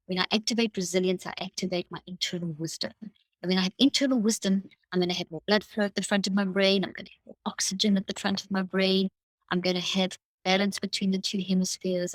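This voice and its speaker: A woman guest in a podcast interview explains her ideas at length, voicing the thoughts of an imagined person as she goes. Her voice sits somewhat low, recorded close and dry. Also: dry recording, poor audio. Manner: animated, explains at length with quoted inner speech. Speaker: cognitive neuroscientist guest.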